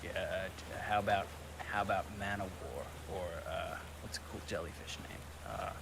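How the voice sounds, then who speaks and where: Brief: male player, lowish voice, bright tone, faint ambient noise. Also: moderate pace, vocal fry. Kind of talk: tabletop role-play.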